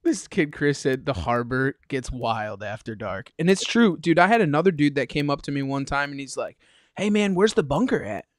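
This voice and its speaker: A man's voice: mid-range voice, moderate pace, hardly any pauses, no echo. Dry-voiced man telling rowdy stories. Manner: animated, slangy storyteller. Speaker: podcast host. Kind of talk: casual storytelling chat.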